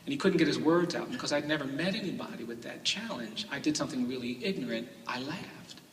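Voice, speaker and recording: A man's voice: mid-range voice, animated, quick pace, slight background noise. A man giving an earnest storytelling speech as a lawyer at a summit. He repeats phrases and builds them into emphatic cadences. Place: large hall at a summit. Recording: echoey hall from a distant mic.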